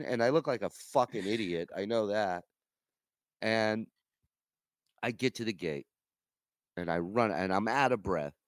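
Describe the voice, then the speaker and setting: A man's voice: mid-range voice, no echo. A man in his forties hosting a podcast, telling a comedic story with lots of profanity and acting out the people in it. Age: 40s. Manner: animated, profane, acts out quoted people. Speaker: podcast host.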